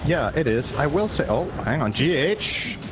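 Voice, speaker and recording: A man's voice: fairly high pitch, big pitch swings, normal speed, over loud music. A man commentating an esports match live, breaking down plays analytically and thinking aloud. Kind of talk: casual live game commentary.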